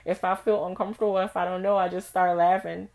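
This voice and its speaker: A young woman hosting a podcast, telling a personal story in a candid, profane, animated way with frequent laughs. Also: lowish voice, fast talker. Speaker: podcast host.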